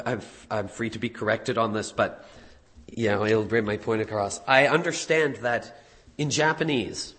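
In a mid-range voice, a man preaches conversationally, at times fixing what he just said. He punches certain words with animated stress.

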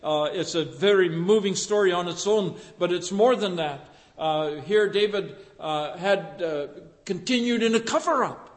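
A man preaching a sermon, fervent and emphatic, with pauses and fillers between phrases. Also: sits high. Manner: fervent, rising to loud emphatic passages. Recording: echoey hall with long reverb.

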